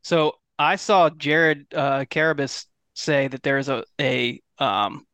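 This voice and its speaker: Guy with a kinda high voice, chill joking podcast chat, dry mic. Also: slow, fairly bright tone, clean tone, no room sound. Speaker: podcast co-host. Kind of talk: casual sports podcast chat.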